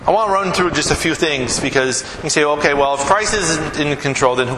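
A man's voice: on the high side, fairly quick, roomy sound, big-room sound, background noise. A middle-aged man preaching a sermon in a conversational way, asking rhetorical questions and acting out stories. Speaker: pastor.

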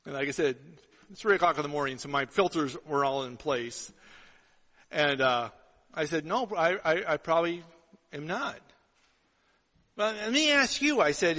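A male pastor with a high, bright voice preaches in a long, ringing hall reverb. Middle-aged, he tells stories with energy and plays out both sides of each conversation. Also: moderate pace. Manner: storytelling, animated with acted-out dialogue. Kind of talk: sermon.

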